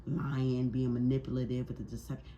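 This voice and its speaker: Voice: medium pitch, level tone, brisk, mellow, dull audio, a little hiss or hum. Heated, swearing tarot reader. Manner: heated, profane and emphatic, with repeated rhetorical questions; preachy and scolding. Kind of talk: tarot reading monologue.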